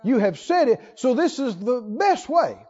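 A man preaches slowly in a high voice, stretching words and singing short phrases for the congregation to repeat. The recording is muffled, and his voice rings with a long reverb. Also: big pitch swings, dark tone. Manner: slow, drawn-out preaching with sung phrases and call-and-response. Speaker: pastor. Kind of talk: sermon.

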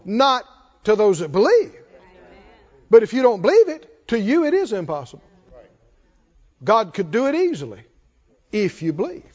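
A man's voice: high-pitched, huge pitch swings, normal speed, long pauses, a little mellow. A man preaching a sermon, emphatic with call-and-response and chuckling asides, in a dull lo-fi recording.

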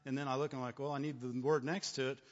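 Rapid-fire and medium-pitched with little pitch movement, the pastor's sermon rings through a church hall with long reverb and a dull lo-fi quality. He often stammers and laughs, repeatedly driving points home with call-and-response "right?" and "amen?".

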